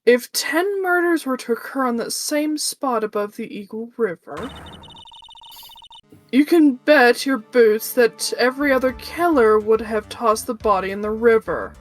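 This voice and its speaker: A woman's voice: fairly high pitch, soft background music, close to an everyday voice. A woman reading as a composed young defense lawyer. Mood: steady. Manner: measured, reasoning aloud.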